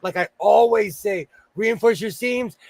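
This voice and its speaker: A man's voice: high voice, unhurried, vocal fry, darkish tone, dry recording. An older man hosting a casual livestream chat, talking chattily and laughing easily. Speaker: host.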